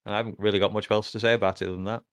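A man's voice: on the low side, flat delivery, very fast, dry recording. A man giving a laid-back take in a casual podcast chat, laughing easily. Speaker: podcast co-host.

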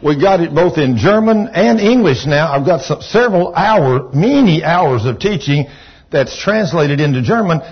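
A man's voice: a little high, expressive, moderate pace, breathy edge. A Texan man preaching a sermon, folksy, rambling and enthusiastic. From Texas. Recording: dull lo-fi recording.

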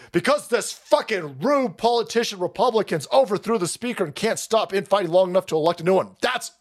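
Profane ranting man, high-pitched voice. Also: very animated, fairly quick, hardly any pauses. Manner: profane, sarcastic, mocking, swings into shouting. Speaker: political stream host. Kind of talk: ranting political commentary.

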